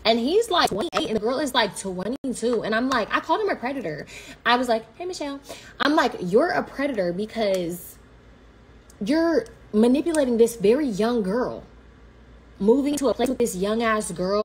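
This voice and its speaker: A young woman, telling a story on a livestream in a blunt, slangy, profane, animated way. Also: a little high, moderate pace, a little hiss or hum.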